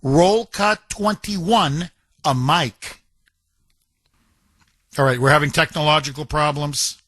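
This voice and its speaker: A man's voice: a little high, slow pace, fairly bright tone, no room sound. A man hosting a talk radio show, delivering an indignant, emphatic monologue and often stumbling over and repeating his words.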